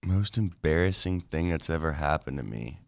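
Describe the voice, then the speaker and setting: A young college football player talks casually as a podcast guest in a low voice. He is hesitant and restarts his sentences often while telling his stories. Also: expressive, normal speed, gravelly. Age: young adult. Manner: hesitant, many restarts, laughs through stories. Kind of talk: casual chat.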